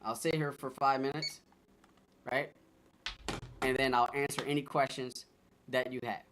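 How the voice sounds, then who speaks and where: Man, trading stream host, casual chat, loose and direct, average pitch. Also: fairly even intonation, unhurried, background noise. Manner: loose, chatty, talks straight to viewers. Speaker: stock trading livestream host.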